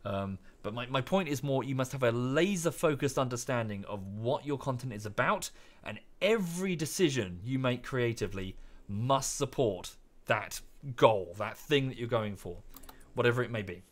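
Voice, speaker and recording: A man's voice: mid-range voice, lively intonation, moderate pace. A young British man talking casually on a live game stream, ranting in a rambling, self-correcting way. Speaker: streamer and YouTuber. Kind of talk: casual live-stream chat while gaming.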